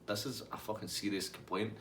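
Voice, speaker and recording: A man's voice: on the low side, fairly even intonation, fairly quick, a bit bright, a little hiss or hum, close to an everyday voice. Stern, irritated police officers laying down the law, as a man voices them. The tone is firm and insistent, sitting close to the teller's everyday voice.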